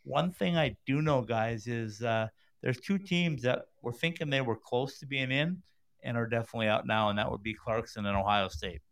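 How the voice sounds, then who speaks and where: A man hosting a casual hockey discussion, speaking in a measured way and steering the talk with some fillers. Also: mid-range voice, creaky, fairly bright tone. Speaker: host.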